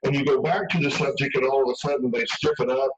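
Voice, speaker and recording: A man's voice: medium pitch, steady tone, fast talker, noisy background. Man on a distant, dull radio clip. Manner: emphatic, conversational, acts out quotes. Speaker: radio guest expert. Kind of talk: radio interview. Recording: dull radio broadcast from far off.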